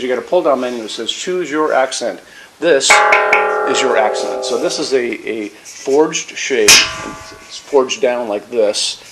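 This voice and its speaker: A man's voice: mid-range voice, slight background noise. A man from the United States presenting a lamp in a casual, enthusiastic way, with many fillers and restarts. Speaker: lighting store presenter. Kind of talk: product demonstration.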